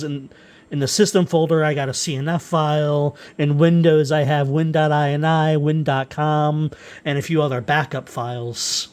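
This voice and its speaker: A man walking through software tools he wrote, unscripted and halting, with frequent fillers and restarts. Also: on the high side, smooth. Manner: rambling, halting, with many uhs and restarts. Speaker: software developer presenting his utilities. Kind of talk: unscripted screen-recorded software walkthrough.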